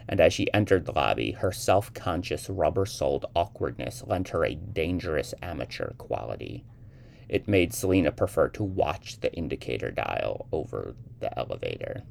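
A man reading a short story aloud as narrator, with lively, expressive delivery. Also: rumbling low, vocal fry.

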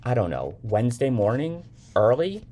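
A man voicing a cool, unbothered young woman on the phone, calm and faintly weary. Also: medium pitch, normal speed, voice pushed up.

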